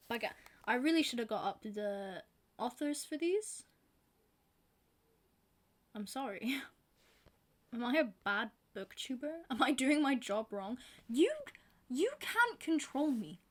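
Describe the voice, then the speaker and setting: A British woman talks to camera in a loose, rambling flow, often poking fun at herself. Her voice sits a little higher than most women's. She sounds casual and unscripted. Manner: chatty, rambling, self-deprecating. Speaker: book vlogger.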